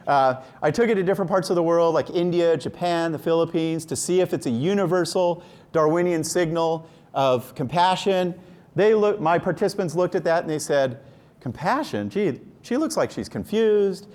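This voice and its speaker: A middle-aged man giving an enthusiastic, joking science lecture and quizzing the audience. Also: on the high side. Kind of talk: lively scientific talk. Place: lecture room.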